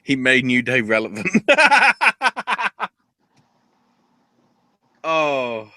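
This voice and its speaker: Excitable, foul-mouthed man on a podcast. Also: medium pitch, unhurried, dry recording. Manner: excitable, profane, breaks into laughter and mock voices. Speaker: podcast co-host. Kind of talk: casual wrestling recap chat.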